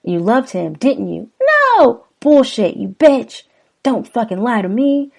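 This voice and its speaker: A woman voicing a drunk, menacing young man who mocks and threatens his wife in a gravelly, sneering voice. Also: fairly high pitch, expressive, unhurried, warm tone, pitched above the performer's own voice, exaggerated voice. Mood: accusing. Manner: sneering, mocking and profane.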